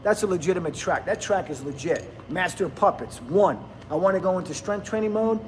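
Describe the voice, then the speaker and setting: A man's voice: sits high, lively intonation, a little fast, slight background noise. A man, rambling bluntly and laughing often in casual livestream chat with viewers. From New Jersey, USA. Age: 50s. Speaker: livestream host.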